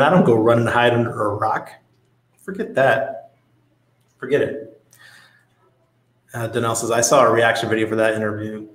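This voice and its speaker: A man's voice: lowish voice, reverberant, rough recording. A man hosting a casual livestream, reading out viewer comments and telling stories in a blunt, profane way. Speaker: crypto livestream host.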